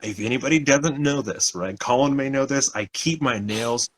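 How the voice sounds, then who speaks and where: A man's voice: medium pitch, normal speed, poor audio. A young man co-hosting a podcast, telling a story in casual chat, acting out other people's lines and swearing often. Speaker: podcast co-host.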